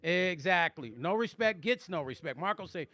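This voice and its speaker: Middle-aged man, high, bright voice, dry close sound, joking livestream banter. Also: expressive, no room sound. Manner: joking, playful banter, drawn-out teasing. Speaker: musician and vlog host reading live chat. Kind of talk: casual livestream chat.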